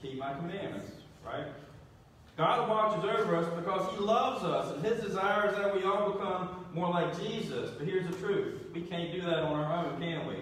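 Echoey, distant pastor preaching a sermon. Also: male voice, high voice, normal speed, fairly bright tone, a little hiss or hum. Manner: conversational, asks the congregation questions; repeats words when restarting. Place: church sanctuary. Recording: echoey church, distant mic.

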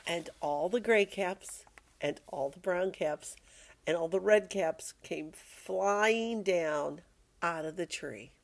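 An older woman reading a children's picture book aloud in a slow, playful, expressive way. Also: fairly low pitch.

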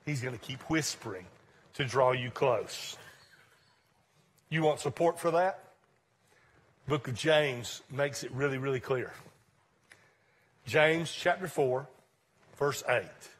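A male pastor preaching a sermon to his congregation in a church, conversational and emphatic, swinging from loud points to quiet asides. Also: mid-range voice, expressive, takes it slowly, pauses often, husky.

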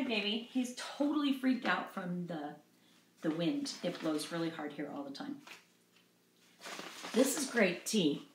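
A middle-aged woman with a low, gravelly voice talks through her supplies at home, chatty and self-deprecating. She trails off and laughs often, and the room around her rings with echo. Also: background noise. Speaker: craft vlogger showing cross-stitch supplies. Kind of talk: casual rambling show-and-tell.

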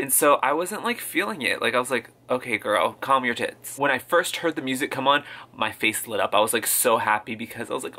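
A man's voice: medium pitch, expressive, brisk, hardly any pauses, pushed and bright. A man giving a casual movie reaction on his vlog, gushing, campy and freely swearing. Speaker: video blogger. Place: at home.

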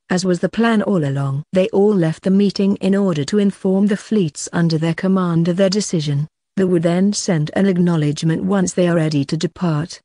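An audiobook narrator reading a science fiction story in an even, steady way. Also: mid-range voice, no room sound, clean studio sound. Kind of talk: scripted narration.

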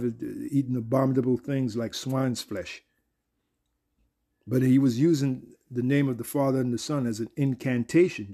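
Husky, dark-voiced man teaching the Bible. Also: medium pitch. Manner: conversational, repeats words, asks "all right?".

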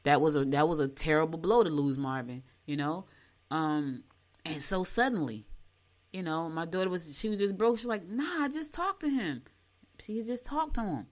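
A middle-aged woman, co-hosting a morning show in casual chat, reading horoscopes and telling animated stories. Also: sits low, moderate pace. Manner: chatty, animated storytelling.

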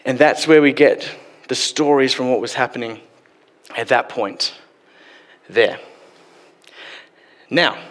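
A man's voice: medium pitch, a bit bright. A man preaching a sermon in a church, casual and joking, acting out quotes as he goes. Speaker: pastor. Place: church hall. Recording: long hall reverb.

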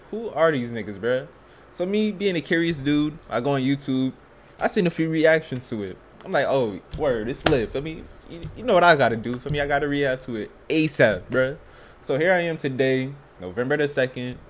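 A man's voice: medium pitch, slight background noise. A young man hosting a YouTube reaction video, talking casually in heavy slang with blunt, scornful remarks. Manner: slangy, keeps tagging lines with "feel me".

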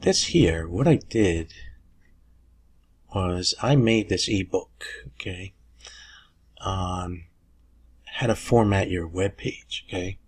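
A man hosting a casual screen-recorded software tutorial, folksy and chatty with lots of "okay"s. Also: sits low, slow pace, pauses often, slightly rough. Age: older. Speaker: tutorial host.

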